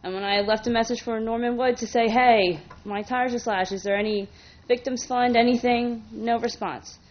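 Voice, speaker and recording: A woman's voice: on the high side, fairly even intonation, moderate pace, muffled recording, slight background noise. A woman speaking as a resident at a town council meeting, emotional and indignant, talking in run-on bursts at a podium microphone. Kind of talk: public comment at a council meeting.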